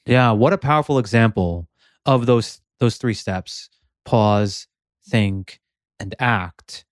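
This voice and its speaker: A man hosting an interview podcast, asking questions in a measured, affirming way. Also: on the low side, no echo, clean studio sound. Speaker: podcast host.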